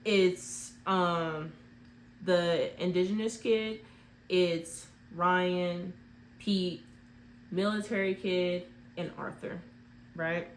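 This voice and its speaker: A woman's voice: lowish voice, steady tone, drawn-out words, a little hiss or hum. Rambling chatty woman retelling a movie. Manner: rambling, heavy use of "like" fillers.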